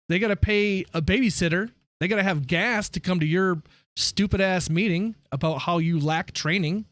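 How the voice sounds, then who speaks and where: A man streaming live, telling stories in a casual, profane, animated way. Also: on the high side, normal speed, no echo.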